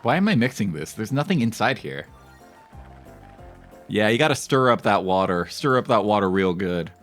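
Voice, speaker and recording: Over soft background music, a very animated man with a fairly low voice plays a cooking game on stream, talking at normal speed and making crude, meandering jokes full of fillers.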